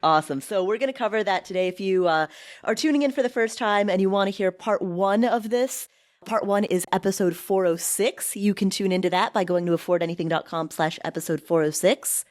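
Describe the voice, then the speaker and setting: A woman hosting a podcast in casual, upbeat chat, emphatic and quick to laugh. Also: medium pitch, darkish tone. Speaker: podcast host.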